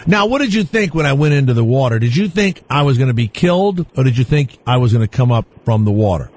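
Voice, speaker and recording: A man hosting a comedic radio talk show, teasing callers and guests in an animated way. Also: mid-range voice, quick pace, slight background noise. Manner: animated, teasing, breaks into shouts and laughs.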